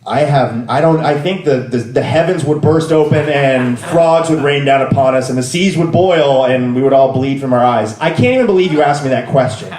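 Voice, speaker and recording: A man's voice: mid-range voice, normal speed, hardly any pauses, a little mellow. Man in his thirties, live comic storyteller, rambling and wry, bursts into rants, roomy venue. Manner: rambling, self-deprecating, bursts into exasperated rants.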